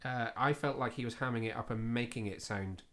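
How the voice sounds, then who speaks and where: A man's voice: medium pitch, brisk, fairly bright tone. Chatty man on a podcast. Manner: chatty, self-deprecating, many fillers. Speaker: podcast co-host. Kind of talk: casual chat.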